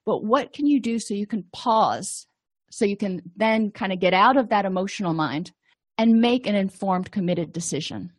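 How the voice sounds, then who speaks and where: A woman's voice: medium pitch, moderate pace, dry recording, clean studio sound. A middle-aged woman counselor teaching a lesson, explaining in a conversational way with everyday examples. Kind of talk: recorded lecture.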